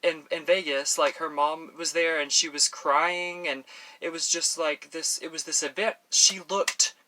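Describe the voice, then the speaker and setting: A man from Texas rambles casually to camera as he does his makeup, talking in a slightly high, bright voice full of fillers and restarts. He is recorded on a professional mic. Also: steady tone, measured pace. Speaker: beauty vlogger. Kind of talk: casual chat while doing makeup. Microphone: professional audio on camera.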